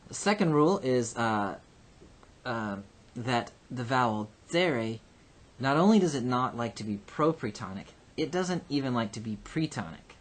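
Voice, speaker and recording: A man teaching a recorded Hebrew grammar lesson. He explains patiently and slowly, with frequent ums and uhs. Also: medium pitch, lively intonation. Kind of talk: recorded lecture.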